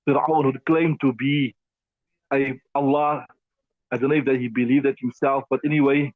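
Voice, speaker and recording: A man's voice: mid-range voice, darkish tone, no room sound. A man teaching a Quran commentary class in a conversational, emphatic way, often repeating himself and using fillers. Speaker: Islamic teacher. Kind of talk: tafsir class lecture. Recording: dull lo-fi dry sound.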